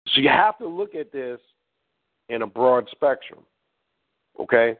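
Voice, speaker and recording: A man's voice: medium pitch, expressive, measured pace. A man hosting a talk and teaching in a blunt, preachy way, swearing as he goes. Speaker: host. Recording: tinny phone-like line.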